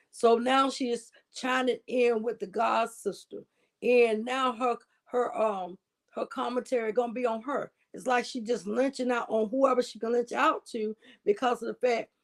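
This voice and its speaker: A woman hosting commentary on a livestream, emphatic and preachy, often asking "right?". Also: fairly high pitch. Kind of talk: casual commentary.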